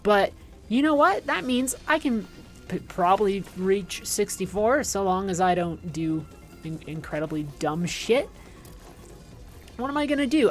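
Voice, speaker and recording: A woman in her thirties chatting casually on a gaming livestream, ranting sarcastically and swearing, with frequent restarts. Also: medium pitch. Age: 30s. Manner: rambling, profane, sarcastic rants with restarts. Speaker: streamer.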